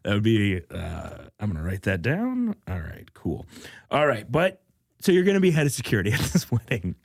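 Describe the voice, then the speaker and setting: Gravelly joking podcast host man. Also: lowish voice, wildly swooping pitch, normal speed, dry recording, studio quality. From American Midwest. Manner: jokey, riffing, playful. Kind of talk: casual comedy chat.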